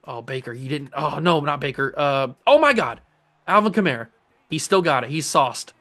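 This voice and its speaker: A young man casually commentating his own video game play as a channel host, excitable and jokey, talking to the players on screen. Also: a little high, a little fast, soft background music. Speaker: gaming YouTuber host.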